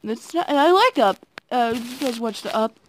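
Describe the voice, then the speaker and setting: A woman giving casual, excitable commentary while playing a game, talking to her viewers and admitting she is nervous. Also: a little high, normal speed, a little hiss or hum. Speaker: gaming video creator.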